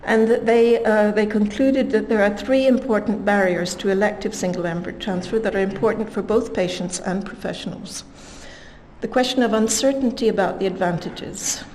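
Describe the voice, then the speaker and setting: A woman delivering a scientific lecture at a conference, her voice pitched in the middle range. She speaks in a measured way and leans into the quotes she reads out. A faint noise sits under the recording. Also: darkish tone, poor audio.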